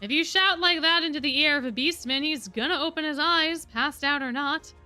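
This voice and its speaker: A woman voicing a gruff, tall young wolf beastman in a scolding drawl with a Southern US accent. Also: high-pitched, moderate pace, pushed and bright, soft background music.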